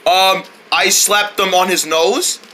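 A woman voicing a playful young cartoon kid who talks in a lively, teasing way. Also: lowish voice, slow, a little hiss or hum. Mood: apologetic.

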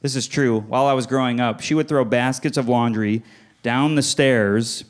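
A man's voice: medium pitch, normal speed. A man doing stand-up comedy on a club stage, telling stories animatedly and slipping into exaggerated voices for family members. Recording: live club recording with audience laughter.

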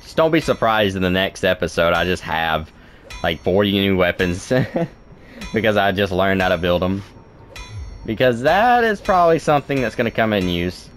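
A man's voice: low-pitched, normal speed. A young man giving playful let's play commentary, chatting to the game and yelping at what happens. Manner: talks to the game, playful and excitable, yelps. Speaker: gaming video host.

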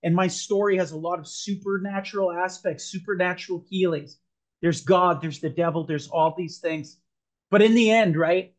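A man as a podcast guest, earnestly telling a personal story, rambling with frequent restarts. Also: high voice.

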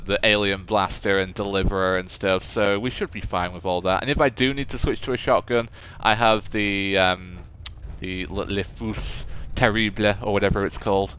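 Jokey gaming commentator, bright voice. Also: male voice, fairly low pitch, clean tone. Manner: chatty, jokey, talks to game characters. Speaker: gaming YouTuber. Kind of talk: let's play commentary.

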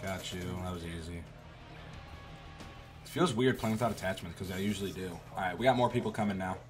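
A man's voice: deep voice, moderate pace, music in the background. Trash-talking young man gaming. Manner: trash-talking, swearing, swings into loud outbursts. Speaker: gaming YouTuber. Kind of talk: gameplay commentary.

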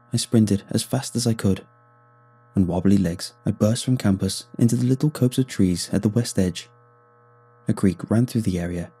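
A man narrating a first-person horror story in a measured, dramatic reading. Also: warm tone, slightly rough. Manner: measured, dramatic reading with sudden pitch lifts.

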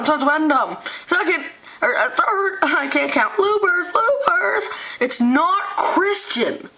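A woman's voice: high voice, sharp tone, poor audio. A woman hosting her channel with a comedic rant to camera, stumbling, repeating herself and sounding earnest and indignant. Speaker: channel host.

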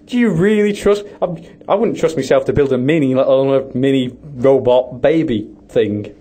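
A man's voice: mid-range voice, normal speed, warm tone. A young British man co-hosting a student radio show in casual banter, often stammering and laughing. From Britain. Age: young adult. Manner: giggly, stammering, jokey. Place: radio studio.

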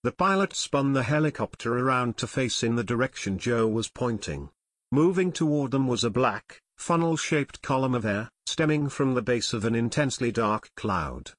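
A man narrating a children's mystery audiobook in measured storytelling. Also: medium pitch, animated, no echo, studio quality. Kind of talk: scripted narration.

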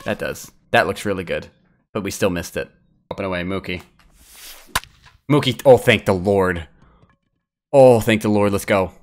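A young man giving crude, excitable live commentary while he plays a video game, trash-talking and yelling at the screen. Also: low voice, moderate pace, pauses often. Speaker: gaming streamer.

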